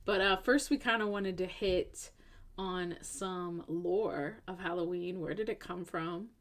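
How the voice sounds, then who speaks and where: Female podcast co-host, lowish voice, chatty explainer, casual. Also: unhurried. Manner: chatty, explains with many fillers and tag questions. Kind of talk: casual chat. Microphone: earphones in.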